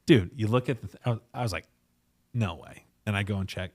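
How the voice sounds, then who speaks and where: A podcast host and company founder tells stories fast in a lowish voice, recorded clean in a studio with no room sound. The chat is casual and animated; he laughs often and acts out the people in his stories in a raised voice.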